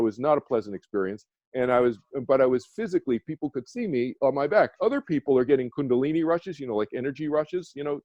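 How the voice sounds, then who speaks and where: A man's voice: medium pitch, mellow, no room sound, lo-fi sound. A man, a meditation teacher, telling a personal story as a radio guest, earnest and rambling with many restarts. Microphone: phone or video call.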